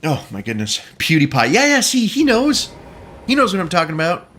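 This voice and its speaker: A man's voice: sits high, huge pitch swings, a little fast, a bit bright. A man streaming a video game, chatting casually and joking with his viewers, often breaking into laughter. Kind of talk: casual gaming commentary.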